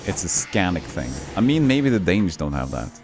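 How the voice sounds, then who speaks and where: A man's voice: sits low, very animated, normal speed, background noise. A man with a Norwegian accent chatting casually and joking while he streams a game live and reads chat aloud. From Norway.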